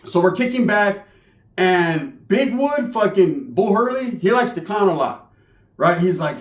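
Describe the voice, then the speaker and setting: A man telling a rowdy, profane story in a casual, animated way, tagging his lines with "right?". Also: sits high, a little slow. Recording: echoey room.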